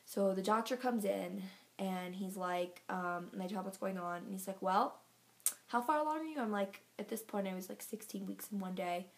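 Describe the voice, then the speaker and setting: A woman chatting to her viewers in a casual vlog, her voice gravelly with vocal fry. She talks a little out of breath, rambling through her update with plenty of fillers. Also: medium pitch, fairly even intonation, normal speed, a little mellow. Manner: chatty, filler-heavy storytelling. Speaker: vlogger giving a pregnancy update. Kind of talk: casual chat to camera.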